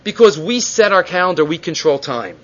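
Animated man giving a Torah lecture. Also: a little high, fairly quick, muffled recording. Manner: animated, rising and falling for emphasis, Hebrew terms woven in. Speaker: Torah teacher.

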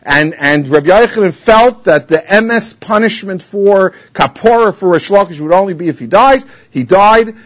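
A man's voice: sits high, expressive, normal speed, hardly any pauses, a bit bright, muffled recording. A man giving a Talmud lecture in English, explaining the text and telling its stories with many Hebrew and Aramaic terms. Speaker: Talmud teacher.

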